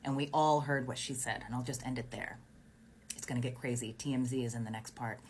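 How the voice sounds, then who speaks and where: A woman's voice: rumbling low, brisk, a little hiss or hum. A woman in her thirties, talking close to a phone camera indoors, recapping a personal story with indignation and lots of fillers. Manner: animated, indignant retelling with many fillers.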